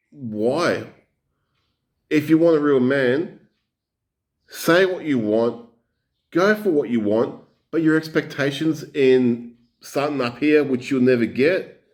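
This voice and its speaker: A man delivers an angry reaction rant in a mid-range voice, blunt and heavy with swearing. He talks straight at the listener, with no polish or softness. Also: mid-range voice. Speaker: commentator reacting to clips. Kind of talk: ranting reaction commentary.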